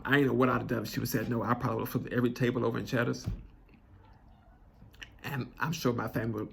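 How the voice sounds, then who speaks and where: A young man tells a heartfelt personal story, his voice deeply gravelly and full of fry. He talks earnestly and loosely, restarting his sentences as emotion chokes him up, with faint hiss behind him. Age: 20s. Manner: earnest, conversational, with many restarts and filler words. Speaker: vlogger telling his proposal story.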